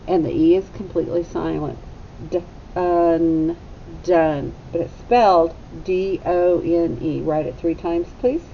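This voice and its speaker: A woman teacher giving a phonics lesson to young children, sounding out letters slowly and deliberately. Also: fairly even intonation, gravelly. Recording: slightly dull recording with faint rumble.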